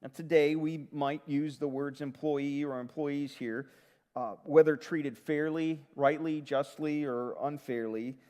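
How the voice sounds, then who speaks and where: A man preaching a sermon as pastor, retelling a story in a conversational, lively way. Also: fairly high pitch, a little slow, big-room sound.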